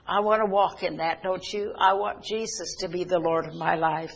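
A woman preaching a sermon, telling a story earnestly with halting pauses and restarts. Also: lowish voice, fairly even intonation, gravelly, breathy edge.

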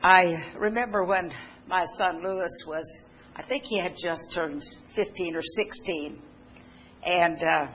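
An older woman gives a sermon-style testimony talk, sharing homespun personal stories conversationally, with restarts and asides. Her voice is lowish and fairly bright in tone, and she speaks slowly. The audio is poor, with slight background noise.

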